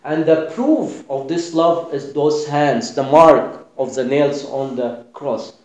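Impassioned preacher, echoey hall. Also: male voice, a little high, slow pace, dull audio. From Sudan. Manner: impassioned, swinging between hushed and loud. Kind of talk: sermon.

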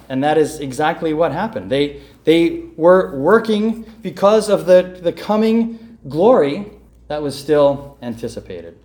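A man's voice: fairly high pitch, lively intonation, measured pace, a little mellow. Earnest preacher, a man in an echoey room. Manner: reads scripture aloud, then explains it in earnest, emphatic exhortation. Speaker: pastor. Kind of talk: sermon. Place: church in North Jersey.

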